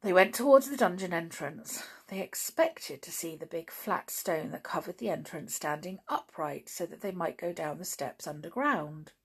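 A woman reading a children's adventure book aloud as a storyteller, with animated, expressive delivery. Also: lowish voice, moderate pace, hardly any pauses, husky.

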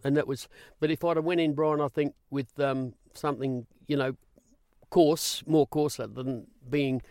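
A man's voice: medium pitch, unhurried, dry recording. An older Australian man, a former racing reporter, telling stories as a guest and acting out the dialogue he quotes. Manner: animated yarn-spinning, acts out quoted dialogue. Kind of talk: storytelling interview.

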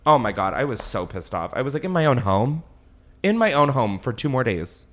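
A man hosting a podcast in casual chat, animated and giggly, swearing often. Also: mid-range voice, a little fast. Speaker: podcast host.

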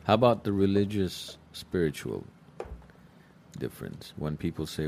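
Very deep-voiced male interviewer. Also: very animated, normal speed, vocal fry, a little mellow, slight background noise.

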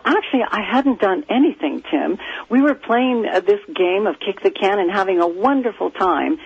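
Raspy, gravelly woman guest; animated storyteller, muffled phone line. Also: mid-range voice, no room sound. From California, USA. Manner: animated, lively storyteller who acts out quoted voices. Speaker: psychic guest. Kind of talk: storytelling in a phone-in radio interview. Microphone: telephone.

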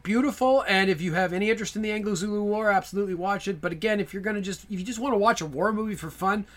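A man's voice: high voice, racing. A man co-hosting a podcast in casual chat, joking crudely and laughing often. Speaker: podcast co-host.

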